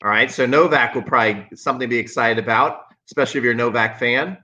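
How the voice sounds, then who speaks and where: Guy ranting on his tennis stream, sarcastic, keeps repeating himself, kinda bright edgy voice, dull lo-fi sound. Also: mid-range voice, quick pace. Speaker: tennis coach and channel host. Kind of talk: live-streamed commentary.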